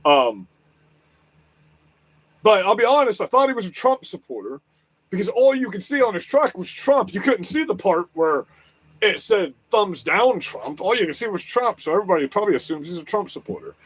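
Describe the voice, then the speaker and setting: A man's voice: sits high, sing-song, normal speed, fairly bright tone, husky, no room sound. A man hosting a livestream, delivering an agitated political rant full of profanity and repeated questions. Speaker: livestream host. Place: lives in southwest Florida.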